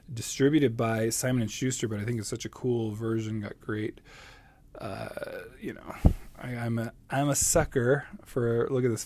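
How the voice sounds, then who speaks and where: A man in his thirties chats casually about his new books. He talks in an excitable, rambling way and laughs often. His voice sits in a middle pitch. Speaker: book video host. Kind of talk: casual book haul vlog.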